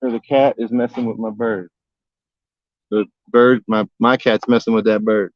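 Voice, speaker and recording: A man's voice: lowish voice, little pitch movement, moderate pace, no room sound, muffled recording. A man hosting a casual gardening livestream from his backyard, talking in a folksy, rambling way and cracking jokes with old sayings. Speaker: gardening vlogger and livestream host. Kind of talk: casual live-stream chat.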